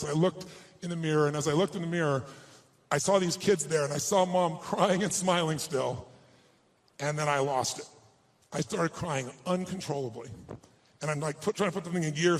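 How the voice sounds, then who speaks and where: A man giving a motivational speech and telling a personal story to an audience. He sounds heartfelt, slows down for emotional moments, and turns persuasive and rallying. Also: fairly high pitch. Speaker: motivational speaker.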